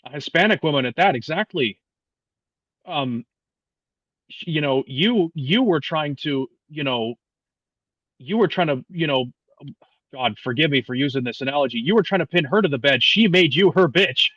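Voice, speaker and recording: A man in his twenties, a podcast guest talking politics in a casual, profane, animated way with many restarts. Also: a little high, moderate pace, long pauses, no room sound, lo-fi sound. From United States. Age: 20s.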